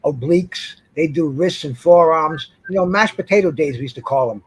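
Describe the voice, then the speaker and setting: A man's voice: on the high side, moderate pace, slight background noise, low-quality recording. A man speaking as a panelist in a casual group chat over a video call, who often repeats words and restarts his sentences. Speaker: guest panelist.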